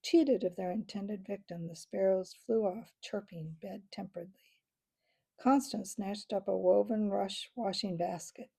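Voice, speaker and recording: Woman with a gravelly voice reading a storybook aloud. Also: medium pitch. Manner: expressive storytelling with small slips. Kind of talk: children's book read-aloud.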